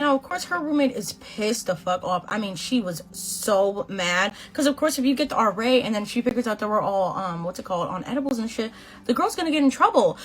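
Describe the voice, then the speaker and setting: Her voice a little high and her pace brisk, a beauty vlogger from Boston in her twenties applies makeup while telling a lively storytime packed with slang and curses, doing voices for the people she quotes.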